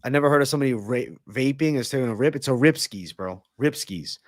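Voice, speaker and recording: A man's voice: mid-range voice, quick pace, dry recording, clean studio sound. A young man hosting a live stream, reading chat and breaking down fights in brash, profane banter. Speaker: livestream host and fight analyst.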